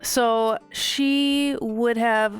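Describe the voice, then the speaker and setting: A woman's voice: on the high side, steady tone, drawn-out words, clear, resonant tone, soft background music. A woman playing a tabletop game, describing what her character does in a thoughtful way, with fillers and trailing phrases. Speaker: player. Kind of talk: casual tabletop game chat.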